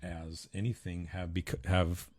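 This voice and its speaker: A man's voice: deep voice, flat delivery, slow pace, darkish tone, dry recording, studio quality. A man co-hosting a podcast who speaks in a heartfelt, earnest way and often repeats words as he restarts his sentences. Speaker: podcast co-host, husband and father. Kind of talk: casual podcast conversation.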